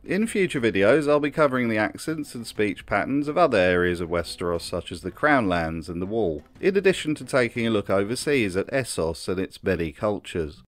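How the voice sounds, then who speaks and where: A man's voice: lowish voice, sing-song, fairly quick, hardly any pauses, dry recording. A man narrating a scripted commentary with dry, sarcastic humor. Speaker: video essay host.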